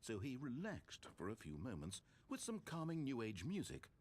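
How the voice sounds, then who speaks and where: A dry, mocking game narrator, his pitch swinging widely as he recounts each step in third person. He sounds amused and faintly scolding, like a storybook read aloud. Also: wildly swooping pitch, moderate pace, a little mellow. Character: wry, dryly mocking male narrator of a game.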